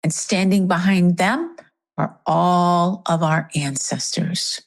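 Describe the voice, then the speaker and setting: A middle-aged woman leading a guided meditation and prayer, speaking softly and reverently. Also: lowish voice, slow. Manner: soft, reverent, emotional at times.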